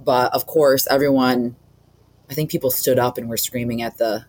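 A woman hosting a podcast in a loose, friendly chat. She sounds eager and excited as she talks, and she laughs easily. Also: rumbling low, moderate pace. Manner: enthusiastic, giggly. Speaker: podcast host.

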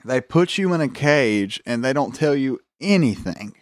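A man's voice: mid-range voice, animated, moderate pace, dry recording, clean studio sound. A man telling a rambling, profane story on a casual podcast, acting out the voices of people in it. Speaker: podcast host.

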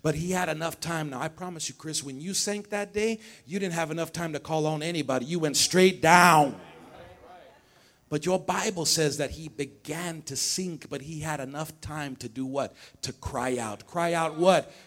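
Speaking at a moderate pace, a man with a somewhat bright voice on the high side leads a church service. He fires questions at his congregation and repeats phrases throughout a lively call-and-response sermon.

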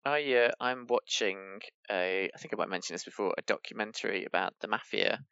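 A man's voice: fairly low pitch, fairly quick, pushed and bright, clear, resonant tone, no echo. A man in a casual group chat who muses hesitantly, with many fillers. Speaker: podcast panelist. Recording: dull dry lo-fi mic.

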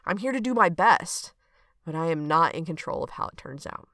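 A woman's voice: low voice, lively intonation, moderate pace, fairly bright tone, no room sound, clean studio sound. A woman hosting a reflective solo podcast, talking in an earnest, conversational way and often checking in with "okay?". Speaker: podcast host and coach.

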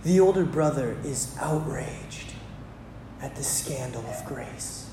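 Preacher with emphatic pauses. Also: mid-range voice, reverberant, background noise. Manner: dramatic pauses, emphatic repetition. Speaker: pastor. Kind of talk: sermon. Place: church.

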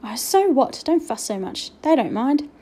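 A woman's voice: sits high, big pitch swings, moderate pace, warm tone. A woman reading aloud and voicing a sulky, mumbling young schoolboy in a storybook.

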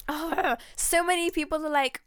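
A woman hosting a faith podcast, talking in an excitable, heartfelt and rambling way. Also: high voice, moderate pace, dry recording. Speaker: podcast host.

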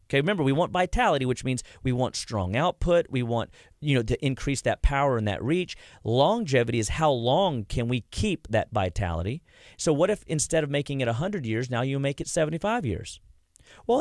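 A man's voice: medium pitch, darkish tone, no room sound, clean studio sound. Chatty man telling a story on radio. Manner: chatty storyteller, acts out patient quotes. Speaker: health practitioner and show host. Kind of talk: casual radio talk.

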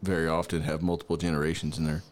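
A man co-hosting a casual podcast chat, telling a story in an animated way and raising his voice high when he acts out his younger self. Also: very fast, slight background noise. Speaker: podcast co-host.

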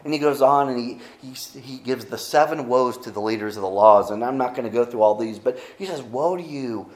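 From a church pulpit, a pastor gives a conversational sermon, animated, full of joking asides and frequent restarts. His voice is medium-pitched and a little fast, with a reverberant sound.

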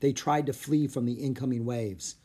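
A narrator reading a children's storybook aloud in a steady, even manner. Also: medium pitch, normal speed, slightly rough. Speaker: audiobook narrator.

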